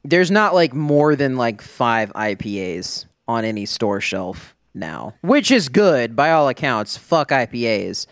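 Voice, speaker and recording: Smooth-voiced rambling podcast man. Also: medium pitch, big pitch swings, slow, few pauses, a bit bright, dry recording, clean studio sound. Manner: rambling, full of "like" and swearing. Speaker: podcast co-host. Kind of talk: casual chat.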